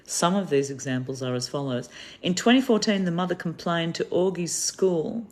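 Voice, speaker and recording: A woman's voice: low voice, normal speed, a little mellow. Indignant Australian woman ranting. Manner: indignant, rambling, emphatic storytelling. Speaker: activist vlogger. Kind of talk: monologue to camera.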